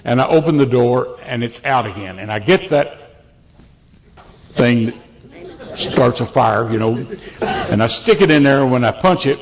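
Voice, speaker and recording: A man's voice: medium pitch, lively intonation, a little slow, pauses often. Folksy older man telling sermon stories. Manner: folksy, self-deprecating storyteller with restarts. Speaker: preacher. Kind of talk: storytelling sermon. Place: church pulpit.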